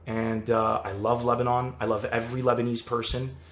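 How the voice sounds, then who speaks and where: A man's voice: medium pitch, level tone, brisk. Earnest apologetic man, roomy echo. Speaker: comedian. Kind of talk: casual apology video to followers.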